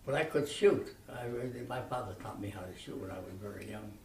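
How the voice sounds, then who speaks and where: Elderly man, rambling animated reminiscing, many restarts, echoey room, mic set far off. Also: lowish voice, fairly quick, noisy background. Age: 90s. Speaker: interviewee. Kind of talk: reminiscing storytelling.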